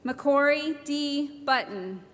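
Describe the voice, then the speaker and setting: A woman reading out graduates' names one by one at a commencement, slow and measured, over a podium microphone. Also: high-pitched, lively intonation, background noise. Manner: slow, measured name-by-name announcing. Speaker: commencement name reader. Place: large ceremony hall. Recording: echoey hall with loud crowd ambience.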